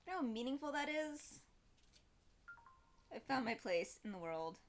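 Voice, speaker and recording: A young woman streaming live, chatting in a rambling, expressive way to her viewers. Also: fairly high pitch, normal speed, a little hiss or hum. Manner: chatty, rambling and expressive, with laughs and quoted voices. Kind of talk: casual live-stream chat.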